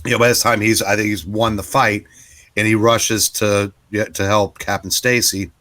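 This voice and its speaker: Low-voiced older man retelling a comic. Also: level tone, normal speed, bright, forceful tone. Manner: retells the story at length, quoting characters. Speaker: podcast co-host. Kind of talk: casual comic book discussion.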